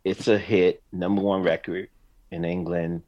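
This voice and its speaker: A middle-aged man who writes and sings songs tells stories during a casual interview, full of emotion and frequent laughter. His voice is low and a little slow, and the audio sounds dull.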